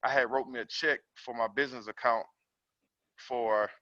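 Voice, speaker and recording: A man calling in to a group coaching call to talk about his trucking business, halting and reflective as he feels his way through his thoughts. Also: medium pitch, steady tone, pushed and bright, no echo. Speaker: caller, trucking business owner. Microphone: call audio. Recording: dull, dry call audio.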